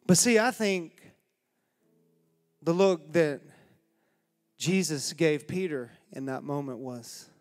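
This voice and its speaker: A male pastor preaches in a slow, deliberate way and tells the story dramatically with a folksy touch. His somewhat high voice carries the long reverb of a church sanctuary. He speaks with a preacher's dramatic pauses. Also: faint music behind. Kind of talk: sermon.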